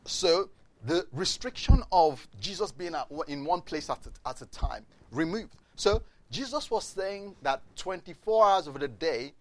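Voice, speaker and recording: A man delivers a sermon in a voice that sits a little on the high side. He tells the story with energy, slipping into the voices of the people in it. He keeps turning to the congregation with direct questions. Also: expressive, unhurried. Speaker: preacher.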